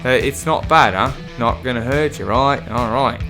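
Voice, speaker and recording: Give me a man doing a jokey, loud Australian accent with a middle-pitched voice. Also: normal speed, music in the background, close to an everyday voice. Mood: playful. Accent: mock Australian. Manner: loud, playful, bouncy.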